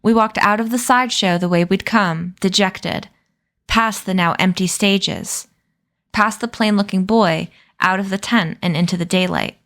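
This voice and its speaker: A woman reading a novel aloud as a storyteller, in a calm, steady manner. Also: medium pitch, normal speed.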